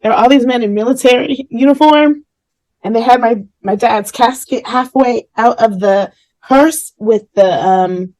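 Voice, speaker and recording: A woman's voice: a little high, unhurried, darkish tone, dry recording, poor audio. A woman hosting a casual podcast conversation, candidly and emotionally telling a personal story. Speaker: podcast host.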